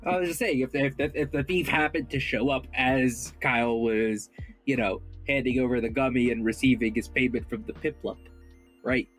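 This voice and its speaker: A man's voice: medium pitch, normal speed, soft background music. A man playing in a tabletop game, talking hesitantly with plenty of fillers. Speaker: player. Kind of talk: casual tabletop role-play.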